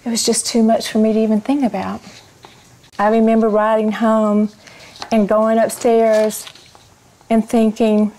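A woman's voice: fairly high pitch, monotone, a little slow, long pauses, dark tone. A woman, a Christian ministry speaker, tells a personal faith testimony to a live audience. She tells it expressively and turns to ask the audience questions.

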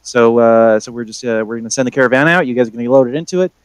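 A man's voice: medium pitch, very fast, clean tone, no room sound, lightly acted. A man voicing a blunt male trade official who rambles and repeats himself in an offhand way.

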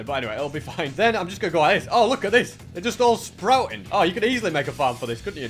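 A young gaming channel host gives casual gameplay commentary, thinking aloud as he plays. He's chatty and excitable, with a voice on the high side.

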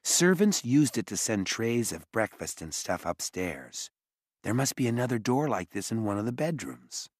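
Mallory, a man voicing a brisk teenage girl. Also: on the low side, very animated, no echo, clean studio sound, pitched above the performer's own voice. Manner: brisk and commanding. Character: bossy teenage girl, older sister, brisk.

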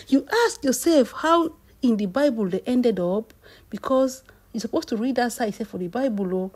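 A Nigerian-accented woman runs a celebrity gossip vlog, her voice slightly high, mellow and husky. She talks in exclamatory bursts and keeps turning to her viewers. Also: moderate pace. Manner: exclamatory, addresses viewers as "my people". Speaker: gossip vlogger.

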